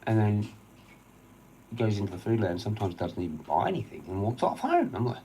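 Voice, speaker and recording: Australian man, livestream ranter, low gravelly voice, lively swings, profane and agitated. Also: a little fast, a little hiss or hum, low-quality recording. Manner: heavy swearing, agitated, rambling storytelling. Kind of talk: casual rambling rant.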